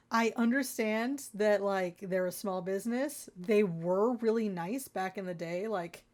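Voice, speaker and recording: A woman vlogger ranting in an exasperated, rambling way, talking straight to her viewers. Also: mid-range voice. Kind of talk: ranting consumer-warning vlog.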